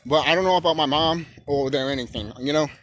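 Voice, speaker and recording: A man ranting on his own channel in a loose, profane monologue. His voice keeps swinging into emphatic shouting. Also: fairly high pitch, fast talker, a little hiss or hum. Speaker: YouTube channel host.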